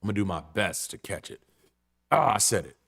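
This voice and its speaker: A man pastor delivering a casual, blunt sermon in a conversational style, moving between quiet low passages and loud emphatic stretches. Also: very animated, brisk, gravelly. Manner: casual and blunt, with frank slang.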